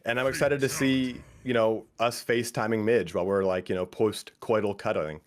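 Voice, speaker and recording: A man's voice: on the low side, fairly even intonation, normal speed. A man giving an improvised, crude, teasing roast of a friend over a stream, rambling with many fillers. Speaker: roast speaker.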